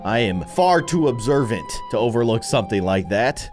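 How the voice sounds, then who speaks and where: Animated man joking through gameplay. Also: mid-range voice, normal speed, hardly any pauses, faint music behind. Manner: animated, joking, laughs often. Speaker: gaming video creator. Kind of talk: playful gameplay commentary.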